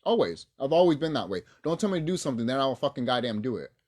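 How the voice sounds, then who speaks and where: A man's voice: mid-range voice, big pitch swings, quick pace, a little mellow. A man ranting angrily on his own video channel, cursing freely as he talks at home into his camera's mic. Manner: angry, profane ranting. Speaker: YouTuber. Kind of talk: casual ranting vlog.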